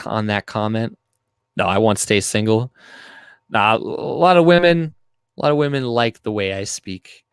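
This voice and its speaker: A man's voice: lowish voice, unhurried, clear, resonant tone, dry recording. A man hosting a livestream, reading chat aloud and ranting in a crude, rambling, profane way.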